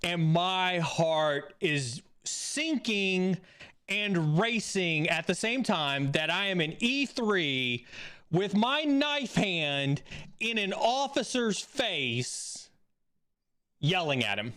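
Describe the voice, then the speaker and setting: A man hosting a live stream, telling a story in a casual, animated way that rises excitedly when he acts out a scene. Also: high voice, drawn-out words, smooth. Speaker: stream host.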